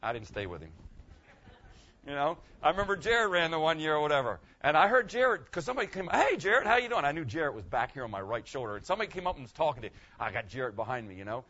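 An older male pastor gives a loose, conversational sermon. He rambles in a folksy way and keeps checking in with "okay?". His voice sits a little high, and the recording sounds dull and muffled. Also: big pitch swings, quick pace, sharp tone.

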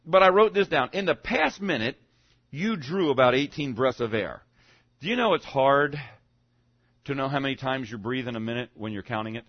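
A man delivers a sermon in a conversational, meandering way, pausing to check in with his listeners and stumbling over restarts. He jumps up for emphasis, then drops into low, quiet asides. His middle-pitched voice comes through a dull, muffled recording with no room echo. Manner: conversational, keeps asking "okay?", stammering restarts. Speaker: pastor.

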